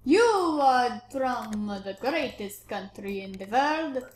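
A bossy border inspector barking orders in a vague made-up foreign accent, as a woman puts her on. The voice sits a little high, and it rings in an echoey room with a faint hiss underneath. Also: slow. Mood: stern. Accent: vague put-on foreign accent. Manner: curt, commanding, dismissive. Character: stern female border inspector, curt and bossy.

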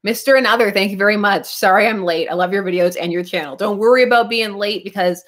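A woman's voice: medium pitch, fast, fairly bright tone. A woman hosting a casual comic book club livestream, talking in a rambling way with many restarts and laughs. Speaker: comic book channel host.

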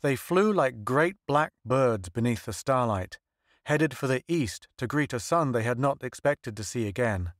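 A man narrates an audiobook in a steady, measured way, with a voice of middle pitch. The recording is dry and close to the mic, with no room sound. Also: no echo. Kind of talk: scripted narration.

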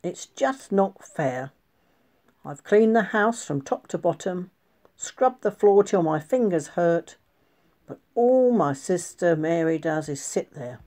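A woman voicing Martha, a fed-up hardworking woman of the house who complains in a whiny, drawn-out way. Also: fairly low pitch, expressive, warm tone. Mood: grumbling.

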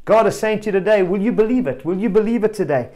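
A male preacher giving a family sermon, telling a story with animated energy and calling out directly to children and parents. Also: sits high, fast talker. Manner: animated storyteller, rising to loud exclamations.

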